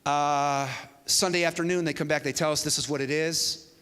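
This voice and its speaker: A man preaching a sermon to a church, telling a story with an animated delivery that swings from hushed to loud. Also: on the high side, moderate pace, smooth. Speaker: pastor. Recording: long hall reverb.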